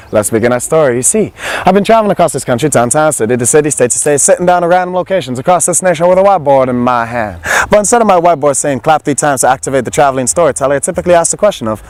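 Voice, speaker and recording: A man performing a told story in a rhythmic, repetitive, theatrical style, barely pausing between phrases. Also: fairly high pitch, darkish tone. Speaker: traveling storyteller. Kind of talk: spoken-word storytelling performance.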